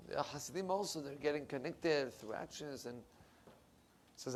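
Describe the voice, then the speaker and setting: A middle-aged male rabbi preaching a sermon in a synagogue, animated and emphatic, swinging from loud to soft. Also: on the high side, a little slow.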